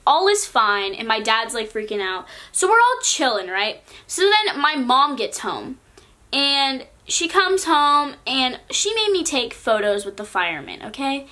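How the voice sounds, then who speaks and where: A woman's voice: a little high, pushed and bright. A teenage girl from California telling a storytime vlog in a chatty way, filling her sentences with "like". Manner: chatty, peppers speech with "like". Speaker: vlogger.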